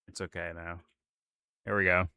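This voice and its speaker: A man with a very deep, smooth voice co-hosting a reaction video. He talks casually, throwing in sarcastic, mumbled comments over the clip, recorded dry and close. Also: level tone, normal speed, pushed and bright, no echo. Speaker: co-host of a reaction show.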